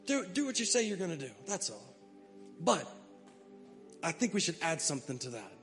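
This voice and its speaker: A man preaching a sermon as pastor. He moves from quiet, conversational asides to loud, emphatic preaching and reads scripture aloud. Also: on the high side, big pitch swings, moderate pace, in a large hall, faint music behind.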